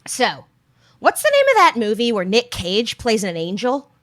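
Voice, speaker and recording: Woman, podcast co-host, casual chat, giggly, explains at length, animated. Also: on the high side, normal speed. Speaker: podcast co-host running a quiz game.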